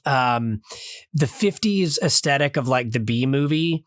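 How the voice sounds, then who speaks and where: A man in his thirties talks through a film review on a podcast in a loose, rambling way, stopping and restarting often with plenty of fillers. His voice sits at a middle pitch. It is recorded dry and close, with no room sound. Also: expressive, a little slow, no echo. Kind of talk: casual review chat. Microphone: remote call mic.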